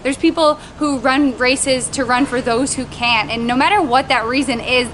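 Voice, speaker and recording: A young woman casually recounting her first marathon, animated and acting out what people said. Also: normal speed, a little hiss or hum. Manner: animated, acts out quotes in a higher voice. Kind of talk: casual storytelling.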